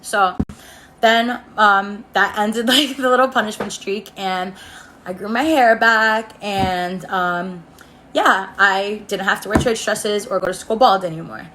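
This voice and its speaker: A woman's voice: mid-range voice, a little slow, sharp tone, slight background noise. A young woman telling a casual story on her phone camera, rambling, laughing, and saying "like" a lot. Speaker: storytime vlogger. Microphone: iPhone.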